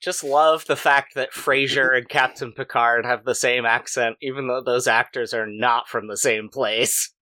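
A man co-hosting a casual podcast with a bright, forward voice at middling pitch. He earnestly lays out trivia and backstory, restarting sentences as he goes. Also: steady tone, unhurried, hardly any pauses. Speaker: podcast co-host. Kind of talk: casual chat.

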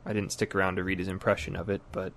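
A man's voice: deep voice, level tone, fast, fairly bright tone, a little hiss or hum. A man co-hosting a gaming podcast in loose, joking casual chat, often trailing off mid-sentence. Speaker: podcast co-host.

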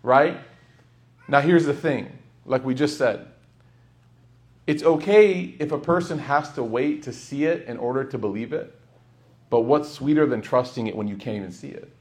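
A man teaching a class on scripture, his voice sitting at an everyday middle pitch. He tells stories and plays out the dialogue as he goes. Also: normal speed. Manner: storytelling, acts out dialogue. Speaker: Quran teacher. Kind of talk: lecture on scripture.

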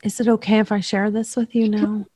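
A woman working as a medium, tenderly recounting a reading to the person she read for, emotional and halting. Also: mid-range voice, little pitch movement, dark tone, no room sound, clean studio sound.

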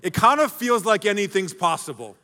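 A man in his forties, a pastor, preaching a sermon to a church in an energetic, joking way and calling out to the congregation. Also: high-pitched, normal speed. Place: large church auditorium. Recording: long hall reverb.

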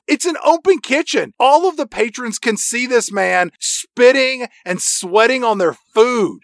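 Gravelly-voiced man, wry recap. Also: sits high, lively intonation, moderate pace, few pauses, a bit bright, no echo, clean studio sound. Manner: wry recapping, acting out quoted dialogue. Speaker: podcast co-host. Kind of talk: casual movie podcast chat.

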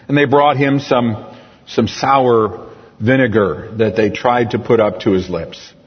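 Middle-aged male pastor, husky voice, earnest sermon, long reverb, muffled recording. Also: mid-range voice. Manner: earnest, slows down on key words. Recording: distant echoey church hall, dull sound.

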